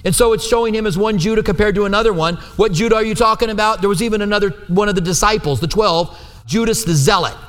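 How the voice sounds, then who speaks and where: A man's voice: high-pitched, quick pace, a bit bright. A male pastor preaching a conversational sermon in a church, often asking his listeners for agreement. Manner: conversational, asks the room for agreement. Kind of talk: sermon teaching. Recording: long hall reverb.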